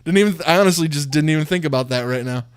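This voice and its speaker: A man's voice: a little high, rapid-fire, a crowd in the background. A man running a tabletop game as game master, laughing often and talking in a loose, casual way.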